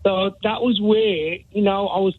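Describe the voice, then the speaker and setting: A chatty middle-aged man from India rings a radio show from his chip shop. His voice sits high, and it comes over a tinny, narrow phone line with a dry sound. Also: steady tone, a little slow, dry recording. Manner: chatty, cheeky, full of tags like "right?" and "yeah?". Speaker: caller. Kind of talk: phone-in call.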